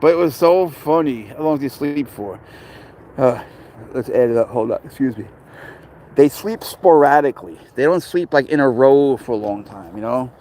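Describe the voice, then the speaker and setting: A man's voice: mid-range voice, expressive, moderate pace, warm tone, slight background noise, low-quality recording. A man casually chatting on a livestream about his pet, rambling and blunt, swearing freely as he reads and answers comments outdoors.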